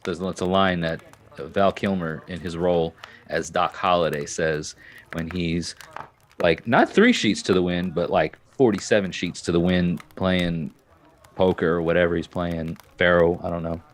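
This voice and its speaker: A man's voice: deep voice, normal speed, a little hiss or hum. A man chatting casually and goofily while streaming a game. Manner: rambling, joking, goofy. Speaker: live-stream gamer. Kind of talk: casual live-stream chat.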